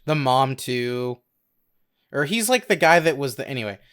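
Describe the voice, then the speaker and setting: A man's voice: mid-range voice, animated, normal speed, a bit bright, clean tone. Young male co-host, ordinary mid-range voice, stammering, casual. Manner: hesitant, stammers and restarts, laughs easily. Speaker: podcast co-host. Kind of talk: casual chat.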